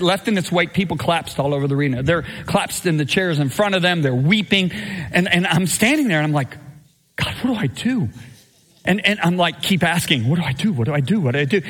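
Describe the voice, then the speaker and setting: A middle-aged man preaching a sermon live in a church, telling a story with lively quoted voices. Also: high voice. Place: church sanctuary. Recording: live church recording with long reverb.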